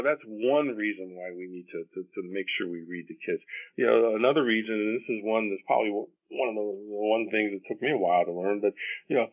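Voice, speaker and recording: Older male author guest; lowish voice, stumbling and repetitive delivery, dull lo-fi sound. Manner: halting, many repeated words and restarts. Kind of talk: casual interview talk.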